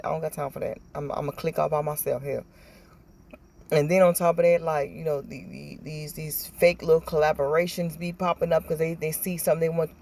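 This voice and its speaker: A woman with a Southern American accent, telling stories in a chatty, animated vlog and acting out what people said. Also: sits low. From Southern United States. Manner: chatty, animated storytelling with acted-out quotes. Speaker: vlogger. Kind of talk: casual chat.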